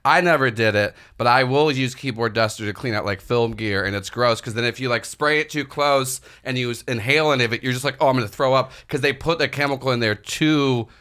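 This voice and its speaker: A man's voice: mid-range voice, a little fast, few pauses, sharp tone, smooth. A man on a comedy podcast giving emphatic, opinionated takes. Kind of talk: casual comedic chat.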